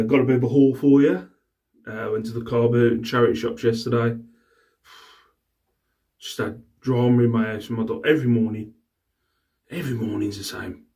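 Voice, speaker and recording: A middle-aged reseller vlogger rambles casually to camera about his day and his resale finds, exasperated and swearing freely. His mid-range voice is a little mellow, picked up by a distant mic.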